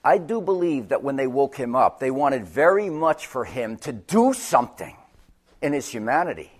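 A man preaching a sermon, moving between loud urgent peaks and quiet, low passages. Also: sing-song, moderate pace. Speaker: pastor.

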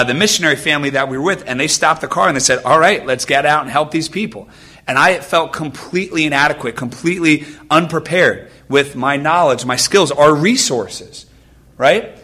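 A man's voice: mid-range voice, bright, forceful tone. A man in his thirties giving a sermon with personal stories to a church audience, talking in an earnest, conversational way and often checking in with "right?". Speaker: nurse giving a church talk. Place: church gathering with a live audience.

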